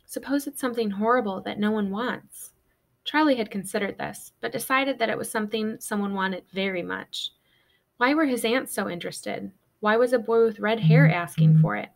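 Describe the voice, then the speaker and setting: Female teacher, chapter-book read-aloud, steady expressive narration. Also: medium pitch, moderate pace, gravelly.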